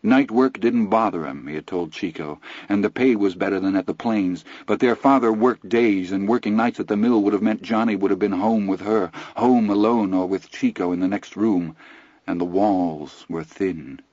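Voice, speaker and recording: A man narrating a novel aloud in a measured, even storytelling delivery. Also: on the low side, dry recording, muffled recording. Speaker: audiobook narrator. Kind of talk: scripted narration.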